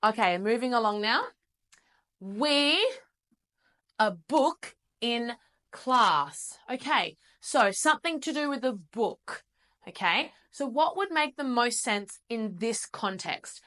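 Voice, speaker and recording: An Australian woman leads a beginner English lesson, sounding out vowels and words one at a time. Her delivery is very unhurried and her tone is bright and crisp. She keeps encouraging her learners as they go. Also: fairly high pitch, animated. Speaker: English teacher. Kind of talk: slow, clearly enunciated English lesson.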